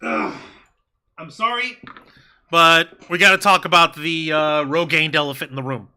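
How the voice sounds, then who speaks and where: A man's voice: a little high, moderate pace, sharp tone, smooth. A man co-hosting a wrestling review show in casual chat, rambling and swearing freely. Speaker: podcast co-host.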